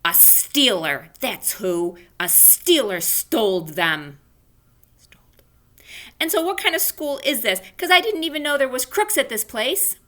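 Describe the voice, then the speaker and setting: A woman voicing a loud, feisty little kindergarten girl while reading a children's book aloud, with shouty, childlike outbursts. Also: fairly high pitch, big pitch swings, a little slow, pitched above the performer's own voice. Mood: indignant whining.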